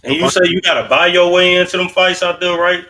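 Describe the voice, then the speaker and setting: A man's voice: high voice, brisk, far from the mic, rough recording. Laid-back male podcast interviewer. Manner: relaxed, asks loose follow-up questions. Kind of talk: casual interview.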